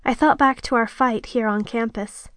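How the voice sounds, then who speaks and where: A woman narrating a romance audiobook in the first person, with a steady, intimate delivery. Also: on the high side, normal speed, no echo, studio quality.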